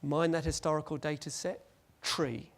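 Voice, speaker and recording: A man giving a lively, joking conference presentation and acting out little scenes. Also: fairly high pitch, moderate pace. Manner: animated, jokey, acts out scenes. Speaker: conference speaker.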